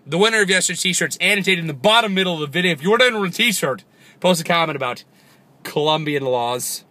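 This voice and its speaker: A young man rambles to camera in a goofy comedic vlog. His voice is bright and forceful and sits a little high. He keeps leaping up into squeaky yelps and silly voices. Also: expressive, quick pace. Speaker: vlogger.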